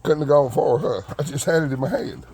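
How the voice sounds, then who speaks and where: Outdoors in freezing weather, moving between yard and front porch, a backyard chicken keeper chats casually to his viewers and sweet-talks his hens while feeding them. His voice is on the high side, brisk and warm, with a breathy edge.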